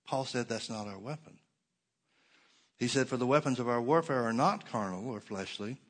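A middle-aged man preaching a Sunday sermon from the pulpit. He talks at an ordinary pitch and leans into key words with slow, stressed repetitions. His tone turns sarcastic when he mocks ideas he rejects. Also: lively intonation. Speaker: pastor.

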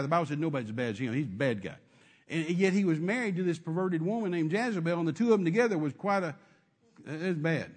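A man preaching a sermon, emphatic and repetitive, calling out to his congregation. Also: high-pitched.

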